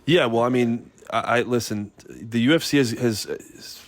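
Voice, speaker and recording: A man hosting a podcast who encourages his guest and reflects back on what was said. His phrases are loose and trail off. The recording is dry and close, with his voice at an ordinary middle pitch. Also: moderate pace, no echo. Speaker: podcast host. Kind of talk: casual podcast conversation.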